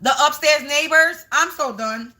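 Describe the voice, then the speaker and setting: A woman's voice: high voice, a little slow, pushed and bright. A woman doing a casual spiritual reading on a livestream from home, emphatic and repetitive, talking straight to her viewers.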